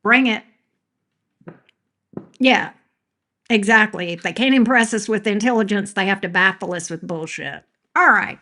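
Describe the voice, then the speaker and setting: A woman's voice: medium pitch, measured pace, pauses often, bright, forceful tone. A woman doing a live tarot reading who talks back to chat with sass, scolding troublemakers and laughing often. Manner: sassy, scolding chat trolls, laughs a lot. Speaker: tarot reader.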